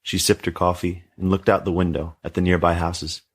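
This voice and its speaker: A man narrating a story in a steady, measured reading voice. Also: sits low, husky.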